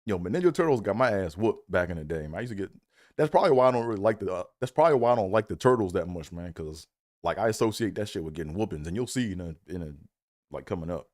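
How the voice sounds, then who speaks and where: Low-voiced guy from maryland rambling through a funny childhood story, dry close sound. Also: expressive, fast, a little mellow, no room sound. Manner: loose, profane, rambling with many fillers. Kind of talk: casual comedic storytelling.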